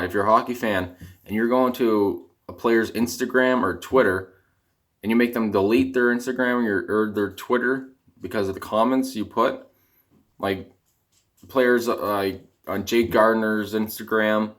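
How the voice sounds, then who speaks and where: Young Canadian man, low-ish voice, dejected rambling vlog rant, voice cracking, slightly off-mic. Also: a bit bright. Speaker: vlogger, hockey fan.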